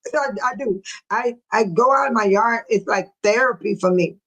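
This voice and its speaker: A woman's voice: a little high, moderate pace, rough recording. Laughing older woman hosting a livestream. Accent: Chicago area. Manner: laughs often, animated and chatty. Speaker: livestream host. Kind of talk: casual livestream chat reading viewer comments.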